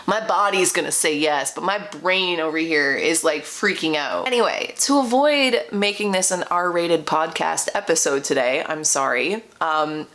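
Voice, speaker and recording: A young adult woman telling a personal dating story to her viewers. Her talk is casual and animated, full of fillers and quick self-corrections. She sounds like she is chatting with a friend. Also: fairly low pitch. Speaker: vlogger.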